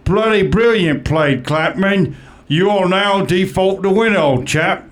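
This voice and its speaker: A man's voice: high voice, slow, voice pushed up. A man putting on a pompous, posh British male talent-show judge.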